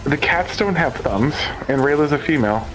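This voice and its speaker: A man's voice: on the high side, lively intonation, normal speed, over music, low-quality recording. A man chatting casually and playfully on a gaming stream, rambling and joking. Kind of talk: casual chat.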